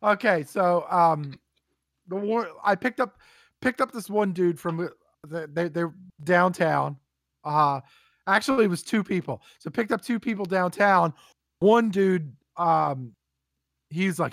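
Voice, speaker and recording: A man telling profane, animated stories in a casual podcast chat. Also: sits high, measured pace, creaky, dry recording.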